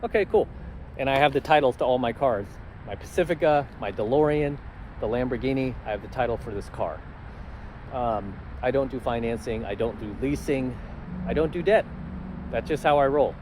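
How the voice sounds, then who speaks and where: A man's voice: medium pitch, moderate pace, background noise. A man telling stories in a casual vlog, confident and matter-of-fact. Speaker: channel host.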